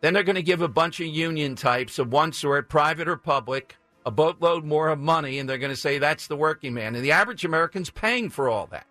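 A man's voice: on the high side, a little fast, few pauses, pushed and bright, faint music behind. A man hosting a talk radio show, blunt, combative and sarcastic. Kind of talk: opinionated talk radio monologue.

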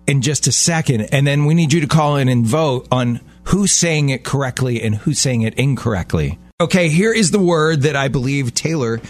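A man's voice: mid-range voice, expressive, normal speed, hardly any pauses. A man with a Baltimore accent co-hosting a casual radio show, teasing and laughing often. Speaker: radio co-host.

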